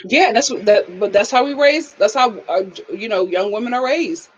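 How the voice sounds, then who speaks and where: Here a woman with a higher voice and a breathy edge speaks at a moderate pace over dull-sounding audio. Hosting a casual stream, she's an animated storyteller who acts out what people said, reads viewer comments, and laughs frequently.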